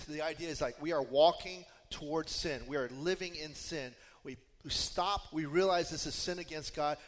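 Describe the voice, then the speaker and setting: A man's voice: on the high side, a bit bright. A man preaching a sermon as pastor, conversational and explanatory, with frequent fillers and asides. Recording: long hall reverb.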